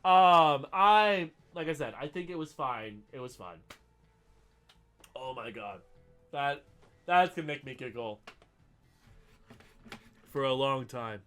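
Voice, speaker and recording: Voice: medium pitch, lively intonation, takes it slowly, long pauses, fairly bright tone, soft background music. A podcast host with a scratchy throat, chatting casually on a solo show, rambling with lots of fillers and giggles.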